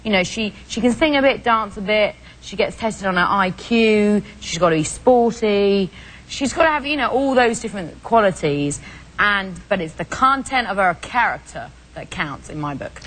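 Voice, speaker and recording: A British woman from England, a talk show guest chatting casually and telling animated stories. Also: medium pitch, normal speed, poor audio. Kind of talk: casual chat.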